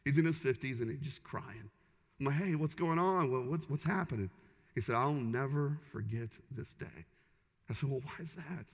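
A man's voice: mid-range voice, moderate pace, husky. A man in his forties, a pastor preaching a sermon in an emphatic, repetitive cadence in a church sanctuary. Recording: long reverb of a large church hall.

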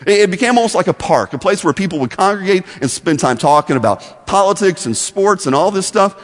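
A man teaching a Bible lesson as a story, animated and often repeating words as he starts. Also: high-pitched, brisk. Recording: long echoey hall reverb.

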